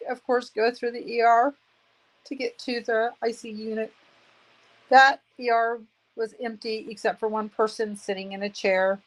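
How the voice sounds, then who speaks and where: In a rough recording, a woman in her fifties gives an emotional personal testimony, aggrieved, indignant and earnest, repeating phrases for emphasis. Her voice is a little high, with a flat delivery at a moderate pace.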